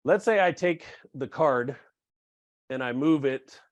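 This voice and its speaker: A man giving a casual live software demo on a video call, talking with many fillers and restarts. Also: medium pitch, slow pace, muffled recording. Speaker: webinar presenter.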